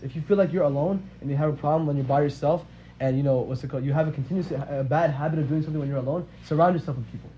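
Speaking fast in a slightly high voice with a dark tone, a twenty-something religious teacher narrates a religious story in an easygoing way. He often checks in with "right?", and the audio is dull and lo-fi with a faint hiss.

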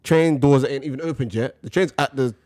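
A man's voice: medium pitch, brisk, a little mellow, dry recording, studio quality. A young man, telling stories in casual chat as a podcast co-host, building rhythm by repeating words.

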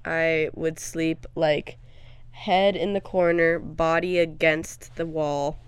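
Low, smooth, and slow, this young podcast co-host's voice has little pitch movement and no room sound. Her casual chat drifts into rambling stories punctuated by frequent laughter.

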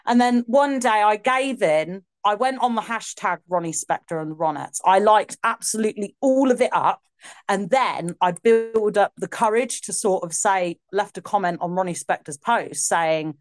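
Excitable young woman storyteller. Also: mid-range voice, moderate pace, no room sound. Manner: chatty, excitable storytelling with quoted asides. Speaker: singer and guest. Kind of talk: casual interview chat.

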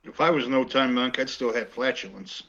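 A man's voice: medium pitch, brisk, vocal fry, a bit bright, muffled recording. A man co-hosting a casual comedy podcast, throwing in playful quips. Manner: quippy, playful interjections. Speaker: podcast co-host.

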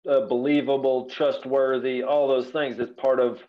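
A man's voice: mid-range voice, level tone, moderate pace, slight background noise. Rancher guy on a podcast, folksy and earnest, kinda rambly, audio a bit dull. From Central Texas, USA. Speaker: rancher guest. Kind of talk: relaxed podcast conversation. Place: office.

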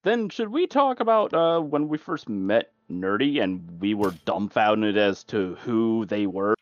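A man's voice: on the low side, big pitch swings, unhurried, dry recording. Hesitant man on a dull lo-fi mic. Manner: hesitant, filler-heavy. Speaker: podcast host. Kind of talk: casual chat. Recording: dull, dry lo-fi sound.

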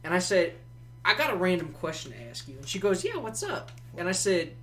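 Profane, animated young man telling a story. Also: sits high, fast. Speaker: podcast guest. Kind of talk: casual storytelling.

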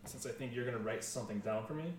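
A man's voice: medium pitch, very fast, distant mic. A man narrating as game master of a tabletop role-playing game, talking in a rambling way with restarts. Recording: echoey room, noisy background.

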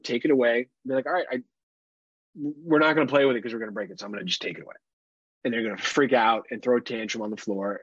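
Podcast dad, thirties, swears freely and rambles with laughs; husky voice on a dull, dry mic. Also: male voice, on the low side, no room sound. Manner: profane, rambling, laughs often. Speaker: podcast co-host. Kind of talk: casual chat.

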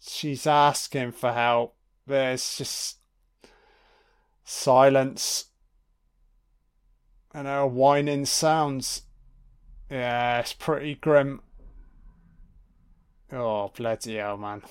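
A man giving a casual watch-along film commentary, full of excitable, profane reactions. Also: medium pitch, extremely slow, pauses often, smooth.

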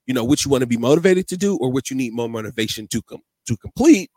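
A man hosting a casual podcast, who tells rambling, animated stories and steers the conversation. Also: medium pitch, fast, no echo. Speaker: podcast host.

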